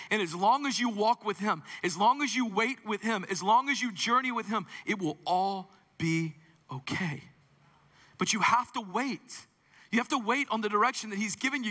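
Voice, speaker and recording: A man preaching a sermon in an animated, humorous, conversational way, heard in a large church auditorium with long reverb. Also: high voice. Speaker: pastor.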